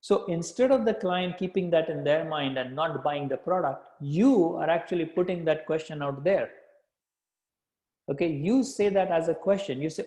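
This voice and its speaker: A man's voice: a little high, normal speed, a little mellow. Male sales coach in an echoey room. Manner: repeats key phrases, checks in with listeners. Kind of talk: live workshop teaching.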